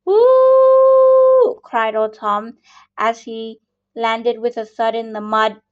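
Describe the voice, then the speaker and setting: A woman reading a children's picture book aloud, slowly and patiently, with small slips and restarts. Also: fairly high pitch, monotone. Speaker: storyteller. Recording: dull lo-fi recording.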